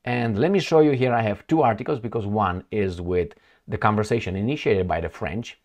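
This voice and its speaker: Sardonic man with a low voice. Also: brisk, darkish tone. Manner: conversational, sardonic, many fillers. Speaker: commentary channel host. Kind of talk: casual political commentary.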